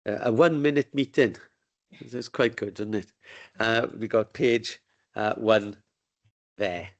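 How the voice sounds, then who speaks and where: Chairing a council committee meeting, a man keeps things informal and jokey. His voice is lowish and slow, and the lo-fi audio carries the sound of a desk microphone in a meeting room.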